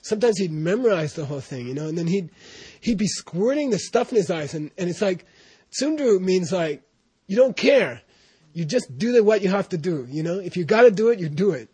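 A man with a high, husky voice tells a loose, meandering story in casual talk, his phrases circling back on themselves. The sound is close and dry, with no room around it. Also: lively intonation, brisk, dark tone, no echo. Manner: rambling, full of "you know" and restarts, laughing at times. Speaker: student recounting memories of his teacher.

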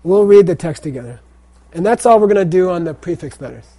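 Husky-voiced man teaching a class. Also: high voice, animated, quick pace, dark tone. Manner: repeats phrases and checks in with "okay?". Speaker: teacher of Tibetan language and Buddhist texts. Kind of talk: classroom lecture.

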